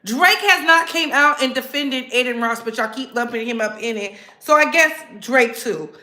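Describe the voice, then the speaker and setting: A woman hosting her own commentary channel, talking straight to her viewers in a sassy, animated way. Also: sits high, normal speed, reverberant. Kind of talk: casual commentary.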